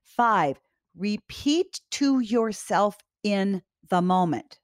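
A woman giving calm, direct advice to parents in an instructional talk, often repeating her key points. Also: medium pitch, extremely slow, no room sound, clean studio sound. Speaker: parenting educator.

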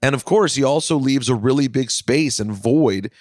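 A man's voice: medium pitch, moderate pace, darkish tone, dry recording, clean studio sound. Matter-of-fact male podcast host. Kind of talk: podcast narration and interviewing.

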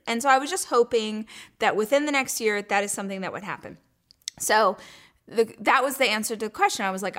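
A woman in her thirties hosting her own talk show, telling a personal story in a chatty way with quick asides and laughs. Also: medium pitch, bright, forceful tone. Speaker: host. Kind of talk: casual chat.

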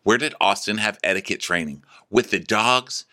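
A man's voice: on the low side, normal speed, bright, forceful tone. A man co-hosting a podcast, recapping a reality show in a wry, joking way and laughing often. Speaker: podcast co-host. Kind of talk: casual comedic recap chat.

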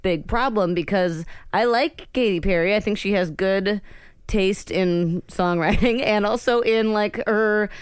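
A woman's voice: medium pitch, measured pace, clean tone, dry recording. A woman co-hosting a casual gossip podcast, telling long stories full of fillers and restarts. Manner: rambling, filler-heavy storytelling. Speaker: podcast co-host.

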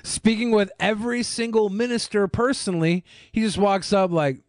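A man's voice: sits high, normal speed, hardly any pauses, no room sound, studio quality. A man hosting a podcast, making crude, sarcastic jokes in casual commentary. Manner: crude, joking, sarcastic asides. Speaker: podcast host.

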